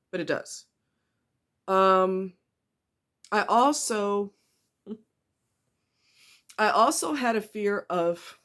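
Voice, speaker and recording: Woman, confessional vlogger; emotional, tight-throated, halting delivery with blunt swearing. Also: medium pitch. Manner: halting, frequent ums and restarts, blunt swearing. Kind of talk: personal confessional vlog.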